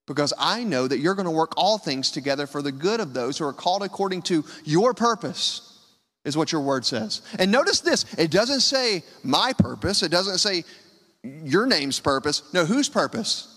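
A man preaching a sermon, his delivery swinging between hushed lows and loud, high cries. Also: very animated, moderate pace, long reverb tail. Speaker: pastor.

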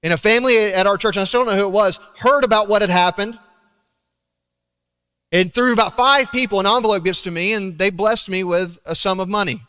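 Young preacher guy telling stories in a sermon, goes loud then real quiet, big echoey sanctuary. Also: high-pitched, fairly quick, clean tone. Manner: animated storytelling, swinging between loud emphasis and hushed asides. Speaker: pastor. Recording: long reverb of a large hall.

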